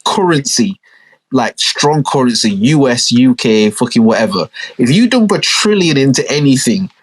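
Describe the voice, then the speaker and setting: A young man trades casual podcast banter, arguing his point and slipping into impressions of other people. His voice sits at a middle pitch with a husky, breathy edge. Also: moderate pace. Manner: animated, argumentative, mimics other people. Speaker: podcast co-host. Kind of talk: casual chat.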